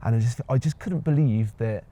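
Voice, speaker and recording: A man's voice: mid-range voice, fairly quick, mellow, no room sound. A young man, an actor being interviewed, talking reflectively with many ums and restarts. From Bristol, England. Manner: hesitant, many fillers and restarts. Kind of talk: reflective casual conversation.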